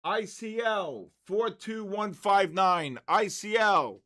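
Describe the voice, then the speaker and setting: High, bright, and forceful, his voice moves slowly with lively intonation. He's in his sixties, hosting a trading livestream and chatting casually, half-joking and half-exasperated as he spells viewers' names out letter by letter.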